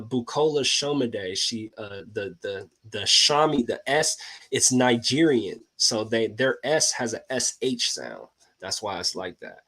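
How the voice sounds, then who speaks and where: A man hosting a casual talk to his viewers, excitable and slangy, laughing often and calling out to the audience. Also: mid-range voice. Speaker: host.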